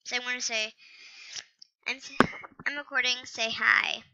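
A woman chats her way through an online game in an unhurried, rambling, hesitant manner, often stopping to apologise. Her voice sits a little high and sounds very bright and clean. The lo-fi computer mic dulls it slightly. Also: fairly even intonation. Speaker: gaming channel host. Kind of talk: casual gameplay commentary.

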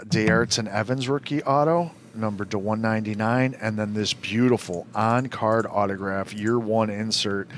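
Slow-talking man reading out card pulls. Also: lowish voice, fairly bright tone, slight background noise. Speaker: co-host of a trading card show. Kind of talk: live card box break chat.

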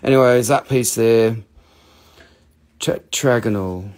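A North Carolina man with a Southern US accent hosts a live online stream selling crystals, full of joking, rambling salesman banter. His mid-range voice is slow and a little mellow.

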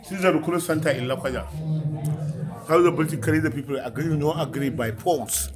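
A man's voice: on the high side, brisk. A man leading a guided museum tour in broken English, often checking whether his listener understands. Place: indoor museum galleries.

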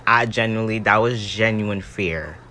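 A man's voice: lowish voice, normal speed, pushed and bright, a little hiss or hum. A young man giving dramatic, easily startled commentary on a mobile game as he plays. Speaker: gaming YouTuber.

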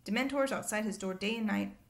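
A woman's voice: medium pitch, brisk, lightly acted. Woman playing a flustered, pompous male minister. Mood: solemn. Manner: pompous, shaken and evasive. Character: flustered middle-aged male government minister.

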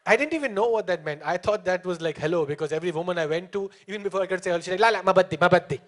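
A man's voice: sits high, very fast. A young man from India performing a stand-up comedy set at a live venue, chatting with the crowd and laughing often. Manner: lively crowd work, lots of laughing.

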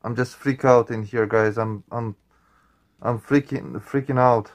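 Man reacting to a horror game for viewers; spooked, swearing, unhurried delivery, mid pitch. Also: steady tone. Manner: jumpy, swearing, talks to viewers. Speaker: gaming channel host.

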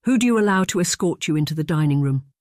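A gentle young governess in an audiobook, as the narrator puts her on, measured and soft-spoken. She picks every word carefully, and the recording is close and dry. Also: low voice, lively intonation, no echo. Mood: instructive. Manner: measured, soft-spoken, choosing words with care. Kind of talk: audiobook reading.

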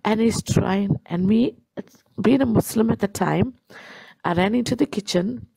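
Woman telling her testimony, raspy and kinda gravelly, earnest, keeps repeating for emphasis, dry sound. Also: mid-range voice, a little slow, dark tone, dry recording, poor audio. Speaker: guest sharing a testimony. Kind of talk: emotional personal testimony.

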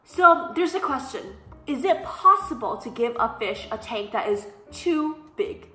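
A young woman vlogger telling casual storytime anecdotes in an animated, sassy way, mimicking the people she quotes. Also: high voice, a little slow. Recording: echoey room, faint background music.

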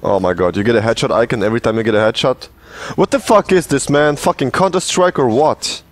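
A man's voice: mid-range voice, brisk. A man giving a profane, sarcastic rant as gameplay commentary, mocking the game he is playing. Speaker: gaming channel host.

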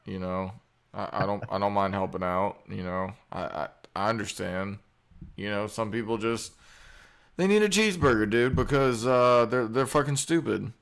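A man with a low, smooth, resonant voice hosts a live stream. He rambles casually, with swearing and plenty of fillers and restarts. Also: normal speed, fairly bright tone. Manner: rambling, profane, full of fillers.

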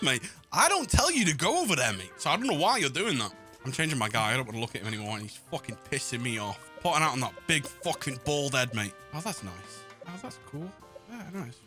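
A man streaming a game with friends, loud and sweary, shouting in frustration. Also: a little high. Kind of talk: live gaming stream banter.

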